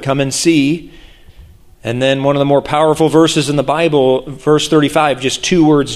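A man preaching a sermon, reading scripture aloud and breaking off for awed, reverent asides. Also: a little high.

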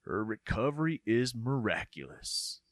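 A man's voice: medium pitch, very animated, a little slow, no room sound. A man doing a drawling Southern country doctor. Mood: amazed. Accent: put-on Southern US. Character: rural male small-town doctor, amazed.

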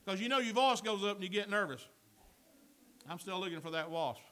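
Preaching in a very high voice, a pastor sounds bright, forceful and animated, moving fairly quickly. He swells into shouted lines, then eases into folksy, joking asides.

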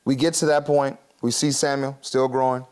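A man preaching a sermon in a casual, conversational way, laughing often and acting out quick voices as he teaches. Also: medium pitch, little pitch movement, darkish tone, clear, resonant tone. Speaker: pastor.

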